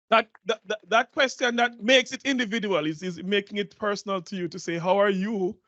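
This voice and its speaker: A man's voice: high-pitched, fairly bright tone, no room sound, dull audio. A man moderating a conference panel, reflective and asking follow-up questions. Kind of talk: panel discussion.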